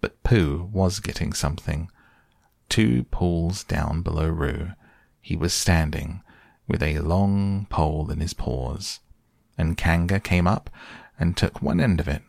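Deep gravelly male storyteller. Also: slow pace, darkish tone, no room sound, studio quality. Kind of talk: reading a children's story aloud.

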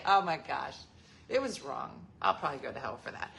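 A woman's voice: lowish voice, brisk, vocal fry. A woman in her forties hosting a casual chat, telling family stories with lots of laughter. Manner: laughing, animated storyteller. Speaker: host.

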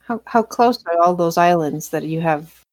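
A woman playing a tabletop game, asking quick, pointed questions in character. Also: on the low side, darkish tone, no room sound. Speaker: player. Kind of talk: in-character role-play.

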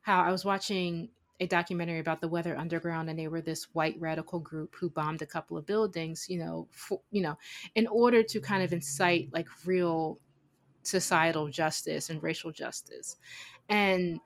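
A woman's voice: on the low side, fairly even intonation, moderate pace. A woman co-hosting a casual film podcast, speaking in a thoughtful, earnest way. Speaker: podcast co-host.

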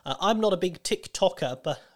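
A man hosting a casual chat show, his voice slightly croaky, chatty and self-deprecating. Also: sits high, expressive, a little fast. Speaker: podcast host.

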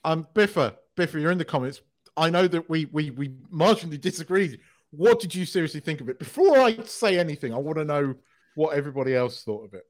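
A man's voice: on the high side, lively intonation, fast talker. Stammering, blunt man. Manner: stammering restarts, blunt and sweary. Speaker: podcast host. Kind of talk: casual chat.

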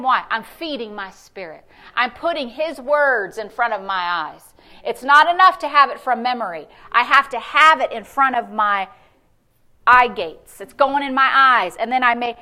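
Female pastor, high voice, bright tone, lively sermon delivery with congregation call-outs. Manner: animated preaching, calls and responses with the congregation. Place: church service.

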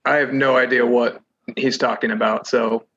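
A man's voice: mid-range voice, little pitch movement, a bit bright. Sardonic male co-host, dull audio. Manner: sardonic, quick with wisecracks. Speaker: podcast co-host. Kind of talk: casual chat. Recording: slightly dull sound, faint noise.

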